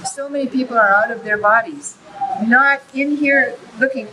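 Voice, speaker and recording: An older woman, a spiritual elder, telling stories in an earnest way, laughing often and quoting herself in lively voices. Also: a little high, moderate pace, noisy background. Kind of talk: reflective storytelling. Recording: loud music behind the voice.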